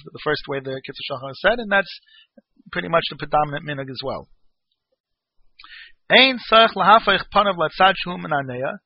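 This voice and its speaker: A man's voice: a little high, no room sound, highs cut off. Man explaining law text. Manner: reads Hebrew phrases then explains in English. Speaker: Torah teacher.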